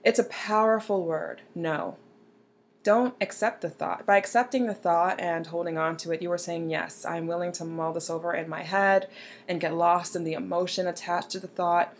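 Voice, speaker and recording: A woman's voice: lowish voice, steady tone, moderate pace, a little hiss or hum. A young woman giving earnest, encouraging self-help advice and speaking directly to the viewer. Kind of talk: motivational advice talk.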